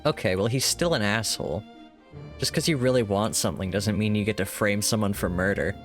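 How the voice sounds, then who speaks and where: A man's voice: lowish voice, fairly quick, faint music behind. A man casually commenting on a game during a live stream, joking wryly, swearing freely and talking back to the characters.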